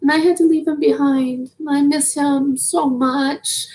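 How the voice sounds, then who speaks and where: A woman's voice: high voice, steady tone, unhurried, darkish tone, far from the mic, poor audio. A young woman chatting as an interview guest, laughing often between her phrases. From Canada. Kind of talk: casual interview chat.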